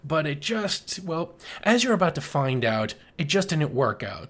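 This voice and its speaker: A man's voice: on the high side, very animated, unhurried, fairly bright tone. A man hosting a horror movie podcast, rambling casually with plenty of fillers and playing an exasperated director in a comedy sketch. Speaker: podcast co-host.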